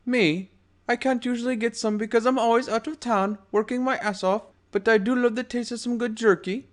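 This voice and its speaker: A man's voice: extremely high pitch, steady tone, fairly quick, voice pushed up. A man voicing a menacing, crude male pony gangster in a fan audiobook, taunting and swaggering.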